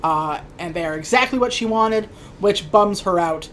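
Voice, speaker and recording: A woman's voice: mid-range voice, moderate pace, a little hiss or hum. A woman co-hosting a podcast, casually recapping a movie in a wry, sweary way and briefly acting out the characters' lines. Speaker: podcast co-host.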